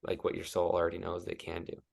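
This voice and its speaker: A man's voice: low voice, completely flat delivery, quick pace, gravelly. A man as a guest coach in a casual interview, talking loosely and leaning on "like" as he thinks aloud. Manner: rambling, heavy use of "like".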